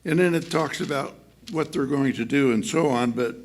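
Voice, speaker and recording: A man giving a sermon to his congregation in a chatty, halting way, with many fillers and restarts and frequent laughs. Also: mid-range voice, a little hiss or hum. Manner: laughs often while speaking. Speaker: church speaker.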